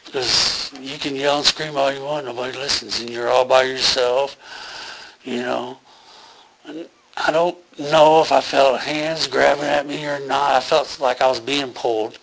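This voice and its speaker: Gravelly man telling his story. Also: medium pitch, fairly even intonation, moderate pace, a bit bright, poor audio. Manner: rambling, earnest, many fillers. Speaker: interviewee telling a near-death experience. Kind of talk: personal testimony.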